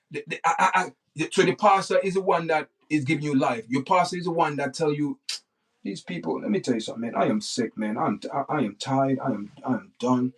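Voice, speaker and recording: A man's voice: fairly high pitch, a little fast. A man hosting a livestream, talking off the cuff in a blunt, repetitive rant that circles back on the same points. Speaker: livestream host. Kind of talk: unscripted livestream monologue.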